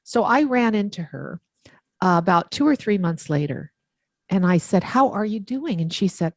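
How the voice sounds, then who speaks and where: A woman author, a guest on an interview, telling stories with lively enthusiasm and acting out the dialogue. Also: mid-range voice, normal speed, no echo. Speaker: author and letter writer, guest. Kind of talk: interview storytelling.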